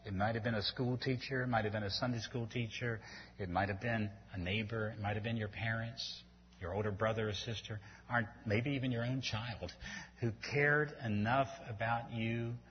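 A man's voice: fairly low pitch, steady tone, moderate pace, a little hiss or hum. A man preaching a sermon, earnest and pleading, rising to emphatic peaks as he makes his points. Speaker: pastor. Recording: dull lo-fi sound in a long-echo hall.

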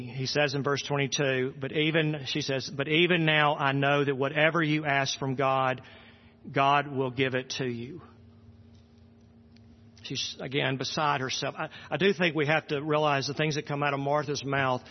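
A man's voice: medium pitch, level tone, normal speed. A man preaching a sermon in a church, earnest and repeating his words for emphasis. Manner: earnest, repeats words, voices Jesus in quotes. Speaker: pastor. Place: church sanctuary. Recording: muffled sound with long hall reverb.

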